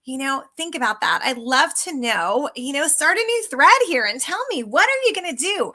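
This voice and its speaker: Bright, high-voiced woman sales coach. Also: sing-song, moderate pace. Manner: chatty, emphatic, addresses viewers as guys. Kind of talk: casual live coaching talk.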